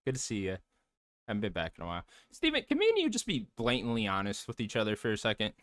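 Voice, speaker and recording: A male podcast host chatting casually, his low voice rising and falling with animated swings. He teases his guest and breaks into laughter often. The sound is dry, with no room around it. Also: quick pace, dry recording. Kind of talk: casual chat.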